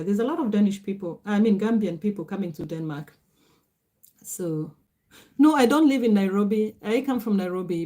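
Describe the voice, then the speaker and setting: A middle-aged Kenyan-accented woman hosts a casual livestream. She talks straight into her phone or webcam, reading viewer comments aloud and greeting each viewer by name, in a mellow, soft-toned voice at a medium pitch. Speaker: livestream host.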